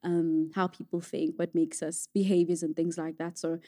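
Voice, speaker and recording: A woman's voice: on the low side, little pitch movement, moderate pace, mellow. A young woman, a singer-songwriter from South Africa, chatting in an interview, laughing often and searching for her words. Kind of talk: casual interview chat.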